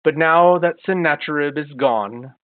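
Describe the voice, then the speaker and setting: A man's voice: a little high, measured pace, no echo, close to an everyday voice. Man voicing a bitter old woodsman warlord. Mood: grim. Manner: spoken between axe swings, plain voice, no accent attempted. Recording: phone-like online call.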